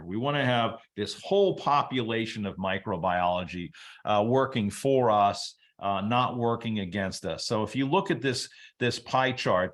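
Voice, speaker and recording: Guy giving a soil webinar, laid-back teacher vibe, easygoing explaining. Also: lowish voice. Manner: relaxed explanatory, steady teaching flow with casual asides. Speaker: webinar presenter. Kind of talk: explaining soil science to an audience.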